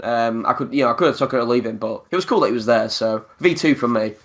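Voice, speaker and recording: A man hosts a casual gaming chat, talking in long, winding stretches. His voice sits at an ordinary middle pitch. His delivery is animated and loose. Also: fast talker. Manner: rambling, animated, laughs often. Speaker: podcast host.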